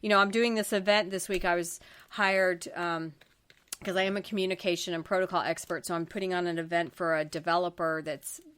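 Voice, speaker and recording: A woman's voice: on the low side, little pitch movement, a little fast, fairly bright tone, clear, resonant tone. A middle-aged woman from the Florida Panhandle hosting a political talk show. She rants emphatically, sounds exasperated and restarts her sentences often.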